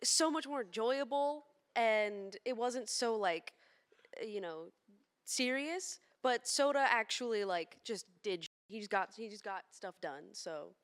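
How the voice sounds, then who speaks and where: A woman's voice: on the high side, animated, a little slow. A woman speaking as a guest on a live convention panel, thoughtful and hesitant. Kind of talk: casual panel chat. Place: convention stage.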